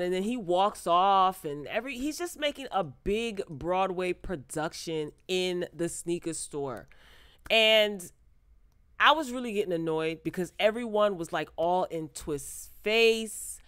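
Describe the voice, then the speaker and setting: A woman who recaps reality TV in an animated, laughing way, acting out quotes. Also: lowish voice, unhurried, no echo, clean studio sound. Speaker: TV recap vlogger. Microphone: close microphone.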